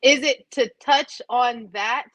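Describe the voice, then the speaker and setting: A woman's voice: a little high, slow pace, a bit bright, no room sound. A woman host chatting casually, curious and asking question after question. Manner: curious, quizzing. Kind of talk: casual chat.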